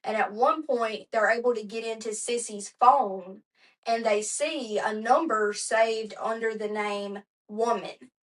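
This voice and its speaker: A woman's voice: fairly high pitch, a little slow, poor audio. A woman hosting a podcast, narrating a true crime story in a chatty, conversational way with asides. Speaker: podcast host.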